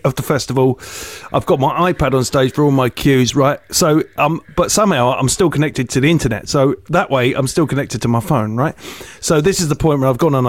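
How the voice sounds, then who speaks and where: Comic host, high-ish bouncy voice, dry close sound, keeps going "right?". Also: male voice, dry recording. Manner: energetic, keeps saying "right?". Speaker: comedian and podcast host. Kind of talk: casual storytelling chat.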